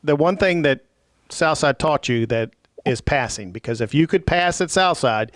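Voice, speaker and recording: A man's voice: a little high, lively intonation, normal speed, no echo, clean studio sound. A man co-hosting a podcast, chatting eagerly with a guest. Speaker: podcast co-host. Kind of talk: casual interview chat.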